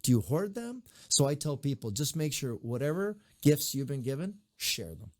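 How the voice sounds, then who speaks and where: A man's voice: mid-range voice, normal speed, no room sound, studio quality. A middle-aged man, a mayor, giving advice in a conversational interview, telling stories and acting out the people he quotes. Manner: animated storyteller, acts out quoted voices.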